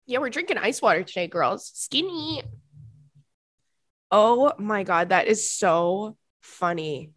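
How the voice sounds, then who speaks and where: A young woman hosting a podcast in casual chat, animated and prone to high, squealing laughter, recorded close on a microphone. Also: measured pace, hardly any pauses, dry recording. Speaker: podcast host.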